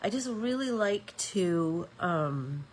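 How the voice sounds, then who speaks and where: A woman's voice: on the low side, lively intonation, slow, a little hiss or hum, rough recording. A woman with a stuffy nose hosting a live-stream art class, chatting casually and thinking aloud with fillers as she paints.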